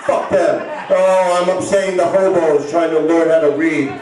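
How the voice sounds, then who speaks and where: A male stand-up comedian rambling and stammering through a set, bursting into shouts. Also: a little high, fairly even intonation, normal speed. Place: bar stage with live audience. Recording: echoey club recording from far off. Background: crowd laughing.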